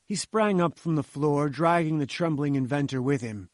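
A man reading a novel aloud as an audiobook, in a measured storytelling way. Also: on the high side, dry recording, clean studio sound. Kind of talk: audiobook narration.

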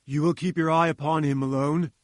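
A man's voice: fairly high pitch, steady tone, brisk, no echo, studio quality, lightly acted. A man voicing a fierce, proud, hot-tempered male professor who talks in a commanding, pompous way.

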